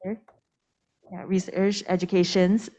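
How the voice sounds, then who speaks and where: A young woman on a panel answering politely and eagerly, slightly halting. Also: on the low side, level tone, mellow. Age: young adult.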